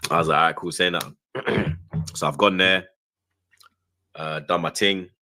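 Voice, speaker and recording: A young man, telling a story in casual, slangy chat and acting out what people said in a higher voice. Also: normal speed, a little hiss or hum. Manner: animated storyteller, slangy, acts out quotes in a higher voice. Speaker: show host.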